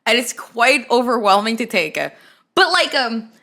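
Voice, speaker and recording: A young woman from the Philippines talks loosely over a video, jumping between stories and cursing freely. Her voice sits a little high and sounds very bright and forward. She restarts sentences often as she chats. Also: measured pace. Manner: animated, swearing, rambling with frequent restarts. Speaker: streamer reacting to a video. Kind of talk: casual reaction chat.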